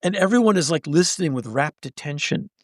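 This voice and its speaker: A man's voice: fairly high pitch, lively intonation, a little fast, dry recording, studio quality. A man in his sixties, a podcast guest, telling a story animatedly and acting out the people in it. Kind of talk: storytelling in conversation.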